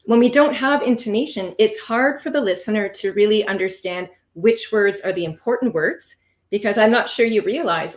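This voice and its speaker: A woman runs a live online lesson on test preparation. She explains patiently, speaks at a middle pitch and leans hard on the important words. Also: moderate pace. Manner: expressive, stresses key words, explains patiently. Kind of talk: live online teaching session.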